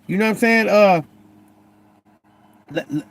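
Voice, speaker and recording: A man's voice: high-pitched, unhurried, a little hiss or hum. A young man preaching in a casual, conversational way, often stammering and repeating words as he presses his point. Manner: loose, conversational, keeps asking "you know what I'm saying". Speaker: Christian vlogger.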